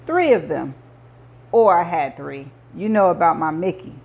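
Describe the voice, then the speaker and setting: In a lowish, slightly mellow voice, a woman narrates an audiobook and plays an older male mob boss who talks like a movie gangster, jovial and menacing at once. She sounds animated at a normal speed, and the highs are cut off.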